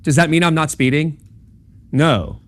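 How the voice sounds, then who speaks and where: A young man from a campus ministry teaches a logic class informally, speaking conversationally with frequent ums and okays while checking in with his listeners. His voice is a little high, with a steady tone and a measured pace.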